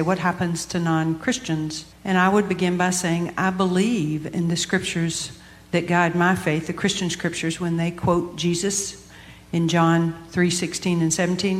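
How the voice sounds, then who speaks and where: A woman pastor co-hosting a live podcast, explaining scripture in an earnest, measured way. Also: fairly low pitch. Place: large hall with a live audience. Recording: hall reverb.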